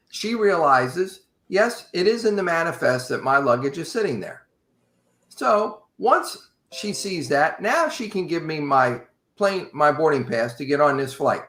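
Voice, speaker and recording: A man casually telling a long travel story to a podcast host in an animated, wry way. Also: fairly high pitch, a little hiss or hum. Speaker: podcast guest. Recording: roomy echo.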